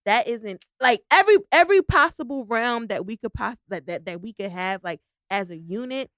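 A woman co-hosting a casual chat podcast, excitable and prone to loud bursts and restarts. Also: a little high, a little fast, no echo, clean studio sound. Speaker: podcast co-host.

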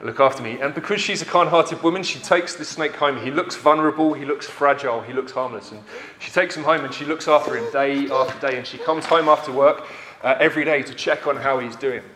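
A man's voice: fairly high pitch, fairly quick, fairly bright tone. A man preaching a sermon, earnest and emphatic, repeating phrases for effect. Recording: roomy echo.

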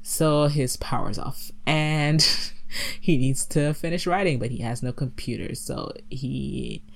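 A woman's voice: very deep voice, slow pace, vocal fry. A woman casually retelling a movie plot, giggling often and filling with "like" and "um". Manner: giggly, animated storytelling with many fillers. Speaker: podcast co-host recapping a movie. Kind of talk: casual chat.

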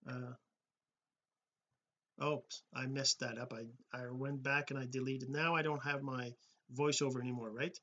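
A man's voice: mid-range voice, little pitch movement, unhurried, long pauses, bright, forceful tone, highs cut off, slight background noise. A man giving a casual tutorial at his home computer setup, rambling and correcting himself as he goes. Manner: rambling, self-correcting, many fillers. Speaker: tutorial host. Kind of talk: casual screen-recorded tutorial.

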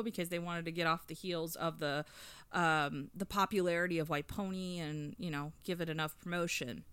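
A chatty woman in her thirties tells a music story with lots of fillers and plenty of enthusiasm. Her voice is bright and crisp. It sounds dry and close, with no room around it. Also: fairly low pitch, steady tone, moderate pace, no room sound. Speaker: podcast co-host reviewing an album. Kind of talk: casual podcast chat.

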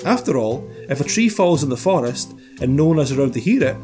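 A man's voice: medium pitch, big pitch swings, brisk, darkish tone, soft background music, natural voice. A man playing a smug male scientist writing a defensive letter, in a sarcastic, self-pitying tone of mock complaint.

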